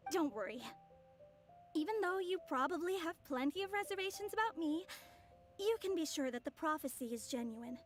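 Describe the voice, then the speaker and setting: A poised, mysterious young woman in a video game, formal and courteous in every line. Her voice sits high, and game music plays quietly beneath her. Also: lively intonation, moderate pace. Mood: earnest. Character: composed, mysterious young woman of a secret order.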